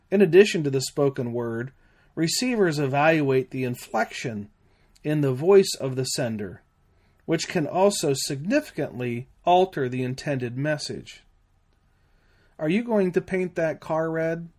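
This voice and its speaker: A man with a somewhat high voice hosts an educational podcast. He reads a prepared script in a measured, deliberate way, pausing between phrases. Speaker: podcast host and safety instructor.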